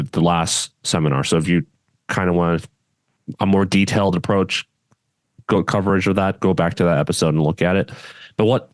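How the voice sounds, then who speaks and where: A man's voice: deep voice, no echo. A man co-hosting a podcast, chatting casually and bluntly, often trailing off and restarting his sentences. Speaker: podcast co-host.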